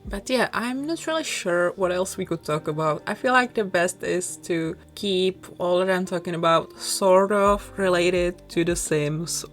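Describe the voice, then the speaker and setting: A young woman from southern Bohemia with a Czech accent, chatting in a rambling, self-conscious way with frequent small laughs as she talks over her build video. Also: lowish voice. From southern Bohemia, Czech Republic. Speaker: YouTuber. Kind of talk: rambling casual chat over a speedbuild. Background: soft background music.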